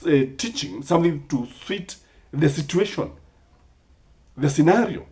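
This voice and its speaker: Kenyan man, impassioned commentator, slightly high voice, rhetorical questions. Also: a little mellow. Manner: rhetorical questions, emphatic, mixes in Swahili sayings.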